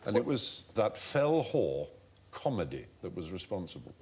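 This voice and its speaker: A man hosting a comedy quiz show, telling an anecdote with animated relish. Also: low voice, normal speed, gravelly. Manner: animated storyteller, relishing the tale.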